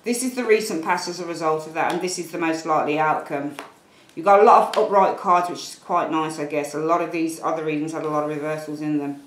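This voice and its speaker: A woman's voice: low voice, fast, echoey room, slight background noise, rough recording. Chatty Birmingham woman reading tarot. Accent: Birmingham English. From Birmingham, England. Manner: chatty, rambling, apologetic asides, calls viewers darlings. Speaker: tarot reader. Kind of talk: casual tarot reading to camera. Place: room at home, at a table.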